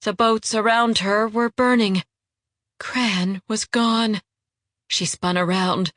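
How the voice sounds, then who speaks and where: Scripted audiobook narration from a woman whose pitch is medium and whose delivery stays steady and measured like a storyteller's. There's no room sound, and the recording is of studio quality.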